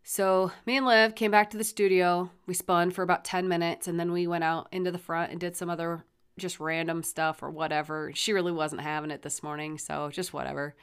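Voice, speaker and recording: Blunt, swearing mom telling a story. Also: female voice, lowish voice, little pitch movement, brisk, clean tone. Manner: blunt, swears freely, rambling retelling. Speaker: podcast host and mother. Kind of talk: casual storytelling.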